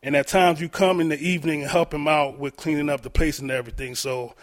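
A man's voice: fairly high pitch, fairly even intonation, quick pace, lightly acted. A man doing a fatherly old pizzeria owner. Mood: friendly. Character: friendly fatherly older male pizzeria owner.

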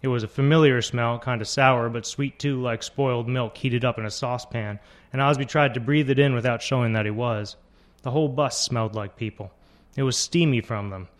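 A man narrating literary fiction in a steady, measured reading voice. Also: mid-range voice.

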